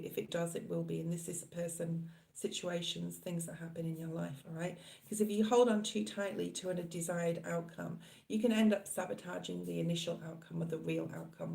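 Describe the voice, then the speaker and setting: A middle-aged Australian woman does a live tarot reading, chatting and rambling casually to her viewers. Her voice sits on the low side, a little mellow, with vocal fry and a roomy sound. She's chatty, laughs often, and addresses viewers by name.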